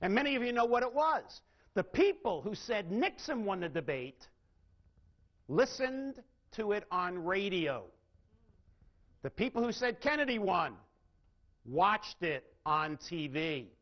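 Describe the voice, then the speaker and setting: A man's voice: high voice, sing-song, measured pace. A man giving a live sales training lecture, asking his audience questions and changing his emphasis and pace. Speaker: seminar speaker. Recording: dull lo-fi recording.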